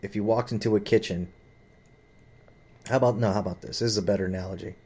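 A man's voice: on the low side, steady tone, fast, darkish tone, slightly rough. A man telling a rambling, profane story about his father and his boss, full of fillers and agitation. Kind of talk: rambling personal rant.

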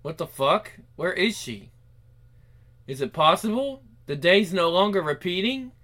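With a high, sing-song voice that sounds pushed and bright, a man voices a game's protagonist at an unhurried pace. He thinks aloud in a panic throughout this voice-over playthrough, talking to himself and swearing often.

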